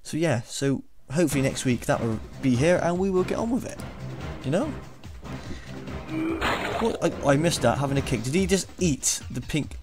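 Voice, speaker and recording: A young man with a slightly high voice gives let's play commentary. He is excitable and teasing, mocking the figures on screen and laughing often. Loud game music plays under him. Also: normal speed. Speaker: gaming YouTuber.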